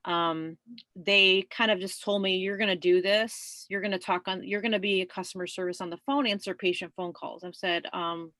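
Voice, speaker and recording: A middle-aged woman telling a personal story in casual conversation, chatty and quick to laugh, with lots of fillers. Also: fairly low pitch, fairly bright tone, no echo. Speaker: guest.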